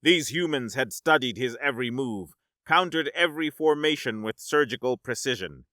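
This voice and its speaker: A man narrating a science-fiction story in a dramatic, measured audiobook style. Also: medium pitch, expressive, pushed and bright, no room sound, studio quality.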